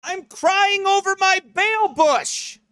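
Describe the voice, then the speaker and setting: A man putting on a whiny, crying man-child who throws a shrill, sobbing tantrum over Christmas candy. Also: slow, pushed and bright, no room sound, clean studio sound, exaggerated voice. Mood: whining tantrum.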